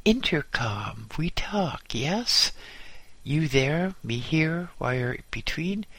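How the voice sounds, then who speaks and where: A man reading a story, voicing an excitable French mechanic who shouts in clipped broken English. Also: fairly high pitch, drawn-out words, breathy edge, no echo, pitched above the performer's own voice, exaggerated voice. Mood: excited shouting.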